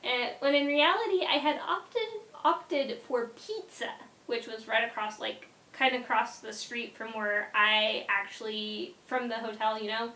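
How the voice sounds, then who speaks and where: High-voiced chatty young woman. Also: a little slow, roomy sound. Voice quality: animated, trails off into quiet asides. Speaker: vlogger. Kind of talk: casual storytime.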